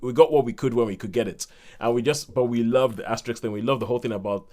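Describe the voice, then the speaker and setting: A man from Nigeria co-hosting a podcast, chatting casually about films in a lively way and laughing often. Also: mid-range voice, racing. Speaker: podcast co-host.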